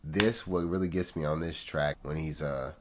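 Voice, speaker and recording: A man's voice: extremely low pitch, fairly even intonation, normal speed, crowd noise. A man casually reviewing an album track by track, talking in slangy, laid-back fashion straight to his viewers. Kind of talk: casual music review commentary. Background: faint music.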